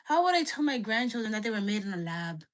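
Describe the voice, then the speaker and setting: A woman voicing an older father with a Nigerian accent who slowly and earnestly begs, repeating himself. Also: on the high side, big pitch swings. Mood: pleading. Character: pleading older father, stern but gentle.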